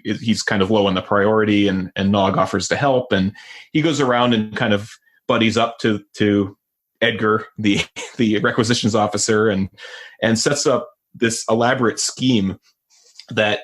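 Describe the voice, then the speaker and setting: A man's voice: fairly low pitch, steady tone, moderate pace. A man co-hosting a podcast in casual chat, rambling with lots of restarts. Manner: rambling, many fillers and restarts. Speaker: podcast co-host.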